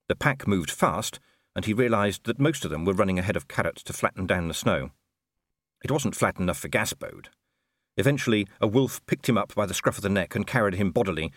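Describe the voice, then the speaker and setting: A man reading an audiobook aloud in scripted narration, measured and expressive. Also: sits low, no echo, studio quality.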